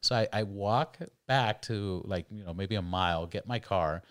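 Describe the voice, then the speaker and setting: A man's voice: on the low side, normal speed, smooth, no room sound, studio quality. A man in his forties from California, telling rambling, profane stories as a podcast guest. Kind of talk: casual storytelling.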